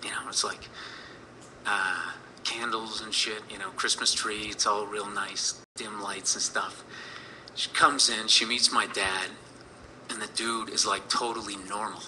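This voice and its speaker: A man's voice: lowish voice, little pitch movement, measured pace, pushed and bright, a little hiss or hum, poor audio. A man in his thirties telling a personal story in a rambling, profane way, full of fillers.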